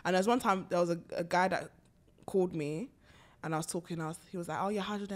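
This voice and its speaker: A woman's voice: on the low side, quick pace, a little hiss or hum. A young woman hosting a casual chat, playful and teasing, talking through a cold. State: has a cold.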